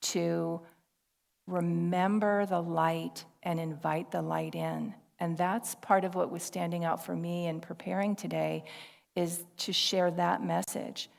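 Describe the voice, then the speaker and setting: Woman pastor, low and gravelly, telling stories in a sermon to a congregation, reverberant hall sound. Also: little pitch movement, slow pace. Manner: conversational, warm storytelling with laughter and quoted dialogue. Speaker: minister. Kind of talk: personal sermon storytelling. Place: church service hall. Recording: long reverb of a large hall.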